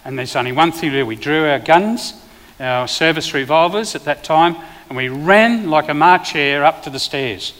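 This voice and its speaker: An Australian man, a preacher and former police officer, telling a vivid testimony in a sermon with sudden loud bursts. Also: fairly high pitch, moderate pace, long reverb tail.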